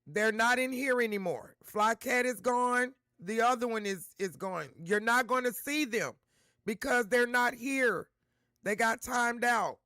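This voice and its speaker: A man hosting a livestream, talking straight to his chat viewers and repeating himself to make points clear. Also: very high voice, pushed and bright, dry recording, clean studio sound. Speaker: livestream host.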